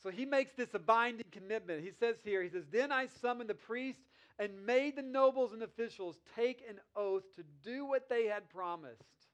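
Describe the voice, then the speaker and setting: High-voiced man preaching a sermon. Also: fairly bright tone. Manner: reads scripture slowly, then explains conversationally. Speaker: pastor.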